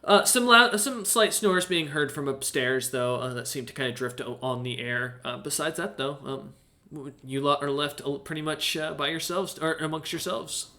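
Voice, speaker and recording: A man's voice: a little high, normal speed, sharp tone. A man narrating as game master of a tabletop game, rambling with many fillers and self-corrections.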